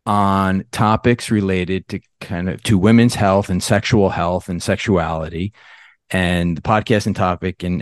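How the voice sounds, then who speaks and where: A man hosting a podcast speaks in a very low voice and asks long, rambling questions with enthusiasm. The sound is close and dry, with no room around it. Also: dry recording. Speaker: podcast host. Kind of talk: conversational interview.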